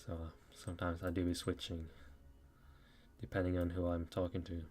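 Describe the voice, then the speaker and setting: Low flat-voiced Norwegian guy streaming. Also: moderate pace. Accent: Norwegian, leaning American. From Norway. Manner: rambling, many "like" fillers. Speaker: live streamer. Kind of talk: casual live-stream chat answering viewers.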